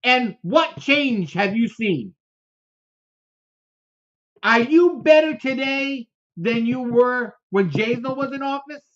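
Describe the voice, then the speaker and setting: A man's voice: very high-pitched, lively intonation, slow pace, a bit bright. A man co-hosting a political commentary show, talking in a fiery, repetitive way full of rhetorical questions. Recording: dull lo-fi sound.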